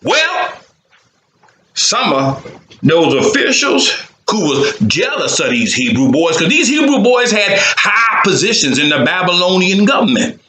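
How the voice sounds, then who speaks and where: Brief: lively man storyteller, bright, forceful voice, roomy echo. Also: sits high, measured pace. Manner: theatrical, rhythmic, lively. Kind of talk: animated Bible storytelling for children.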